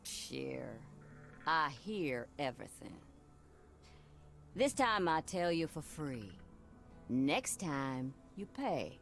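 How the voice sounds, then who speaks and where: A woman's voice: low voice, big pitch swings, very slow, creaky, pauses often, faint music behind, heavily acted. An actress voicing a shrewd bayou woman with a Creole accent who keeps dogs and hires out boats, in a video game. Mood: sly. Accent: Louisiana Creole.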